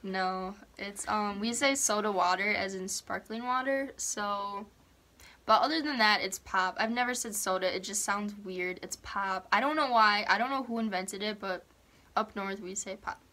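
Young Minnesotan woman guest, chatty and giggly, bright clear tone. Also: medium pitch, normal speed. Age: young adult. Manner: giggly, chatty, laughs often. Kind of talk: casual chat.

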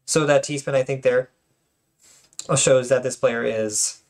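A man's voice: mid-range voice, steady tone, takes it slowly. A man casually commenting on game replays, often stuttering and restarting his words, with apologetic asides. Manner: self-conscious, apologetic asides.

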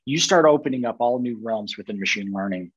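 A man's voice: mid-range voice, lively intonation, slightly rough, no echo. Man presenting a tech webinar, dry muffled sound. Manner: explanatory, with quick restarts and asides.

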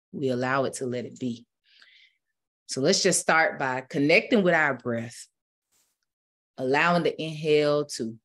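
A woman spiritual teacher, preaching with rising fervor and then leading a slow, calm guided meditation. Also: very deep voice.

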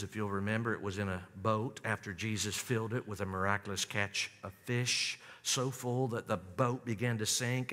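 A man preaching a sermon, telling the story dramatically and swinging from high, loud emphasis down to low, hushed lines. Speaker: pastor. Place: church sanctuary. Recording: long church reverb.

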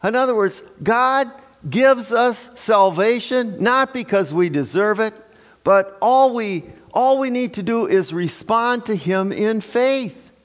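A man preaching a Sunday sermon as pastor, unhurried and folksy, with restarts, fillers and joking asides to his congregation. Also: high voice, animated. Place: church sanctuary. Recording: long church-hall reverb.

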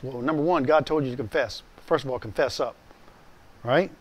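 A male pastor giving a personal testimony sermon, speaking directly and conversationally to his listeners, animated as he acts out the voices he quotes. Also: medium pitch, moderate pace.

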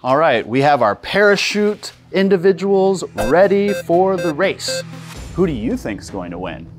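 A young woman hosting a children's learning show, speaking slowly and clearly to little kids and breaking into excited exclamations. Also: lowish voice. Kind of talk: playful educational talk to young children. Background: background music.

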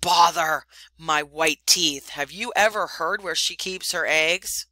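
A woman voicing a brave young male mongoose who talks in a sharp, urgent, scolding way in a storybook reading. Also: low voice, slow pace, no echo, exaggerated voice, poor audio.

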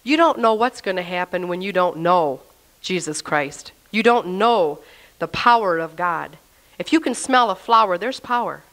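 A woman giving a personal faith testimony in a lively, chatty storytelling way, acting out her own past words. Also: on the low side, normal speed.

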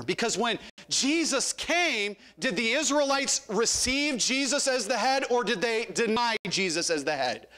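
Very animated yet unhurried, a pastor with a Southern US drawl delivers a sermon in a church sanctuary. He puts questions to the congregation and calls on members by name, his voice climbing to loud calls and sinking low again.

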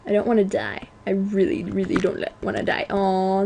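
A teenage girl at home giving chatty, self-mocking commentary on a video game, often apologizing and breaking into excited outbursts. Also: medium pitch, normal speed, gravelly, few pauses, a little hiss or hum. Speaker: let's play gamer. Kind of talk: casual gameplay commentary.

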